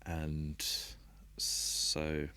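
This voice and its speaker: A man who plays rugby, a guest on a podcast, talking in a reflective and open way and laughing softly now and then. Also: extremely low pitch, completely flat delivery, drawn-out words, clear, resonant tone. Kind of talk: candid podcast conversation.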